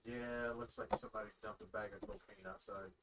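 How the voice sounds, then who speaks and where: A man's voice: mid-range voice, level tone, quick pace, heavy background noise. A man chatting casually on his sister's home live stream, making offhand jokes. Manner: joking, offhand. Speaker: host's brother. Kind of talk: casual chat.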